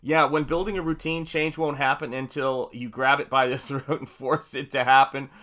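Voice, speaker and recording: A man's voice: medium pitch, fairly even intonation, moderate pace, pushed and bright. A man hosting a casual live stream from his home art studio while painting, greeting viewers by name and rambling loosely with plenty of fillers. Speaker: livestream host and painter.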